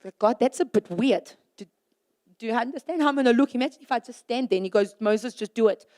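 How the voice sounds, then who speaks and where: A young woman with a high voice speaks to a youth crowd in sermon style. She keeps it conversational and animated, throwing rhetorical questions at her listeners and slipping into quick acted-out scenes. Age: young adult. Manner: asks the audience rhetorical questions.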